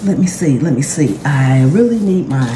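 A woman with a low voice hosts a cooking channel, chatting casually and effusively through an unboxing with frequent exclamations. She talks at a moderate pace, and the room sounds roomy with constant background noise.

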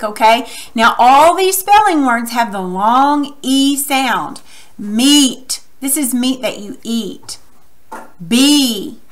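Woman teacher, fairly high voice, encouraging, stretches words out slowly for young learners. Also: fairly bright tone. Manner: slow, exaggerated syllable clapping; encouraging, asks students questions. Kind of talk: recorded classroom lesson.

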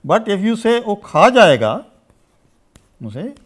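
Husky, brisk and very animated, a high-voiced language teacher from India lectures on grammar without a script. His long explanations are full of "you see"s and "uh"s, and he says each example phrase over in two languages.

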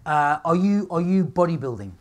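A man's voice: fairly high pitch, lively intonation, moderate pace. Brash middle-aged man, live seminar speaker, punchy and jokey, keeps checking in with the room. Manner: brash, punchy, jokey, asks "all right?" and "okay?" often. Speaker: nutritionist giving a talk. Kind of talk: live seminar talk to an audience.

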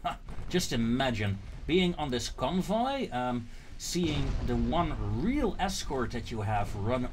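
A man's voice: medium pitch, a little hiss or hum. A man casually commenting on his own strategy gameplay, thinking aloud with fillers and frequent laughter.

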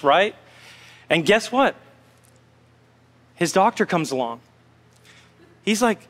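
A male pastor preaches in a relaxed, story-telling way, tossing asides to the congregation. His high voice rings out through a long church reverb. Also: measured pace, pauses often. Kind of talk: sermon. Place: church sanctuary.

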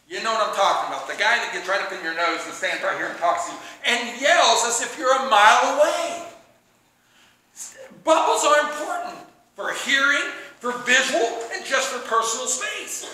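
A man preaching a sermon in an animated, joking way. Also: high voice, brisk, hardly any pauses, slight background noise. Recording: very echoey room.

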